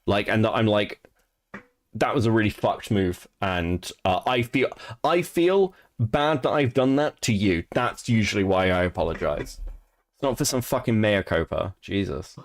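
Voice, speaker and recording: A man's voice: lowish voice, expressive, moderate pace. A man hosting a stream, giving crude, sarcastic commentary on a clip and laughing often. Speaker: streamer host reacting to a clip. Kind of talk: casual profane stream commentary.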